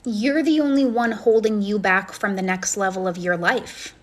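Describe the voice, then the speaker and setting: A woman's voice: mid-range voice, fairly even intonation, moderate pace. A woman coaching and chatting on a phone live stream, effusive and encouraging as she answers comments. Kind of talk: casual live-stream chat, reading comments.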